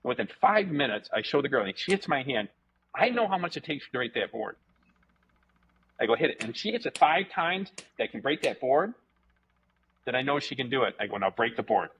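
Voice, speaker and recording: A man, a martial arts instructor, telling stories casually as a guest, animated, repeating words and swearing freely. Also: medium pitch, brisk, pauses often, a little hiss or hum. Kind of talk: casual storytelling interview. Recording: dull lo-fi podcast audio.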